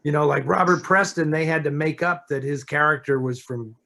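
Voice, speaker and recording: A man answering listener questions as a film expert in a relaxed, conversational way, often restarting and saying "you know". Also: a little high, a little fast, gravelly. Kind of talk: casual chat.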